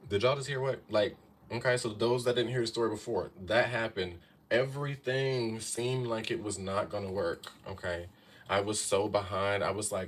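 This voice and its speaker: Speaking at a moderate pace in a steady, lowish voice, a man in his thirties offers laid-back astrology guidance on a live stream. He reads tarot too, chatting with viewers and repeatedly asking "okay?" and calling them "y'all."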